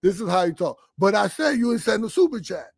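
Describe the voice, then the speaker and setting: A man's voice: high voice, very animated, fast, creaky, a crowd in the background. A male caller talking bluntly and profanely, arguing his point. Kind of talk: phone-in chat.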